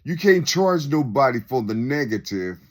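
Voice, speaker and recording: Sharing his reflections in a loose, unscripted monologue, a man rambles at a moderate pace, his medium-pitched voice swinging widely in pitch. He keeps repeating himself and asking rhetorical questions in a conversational way.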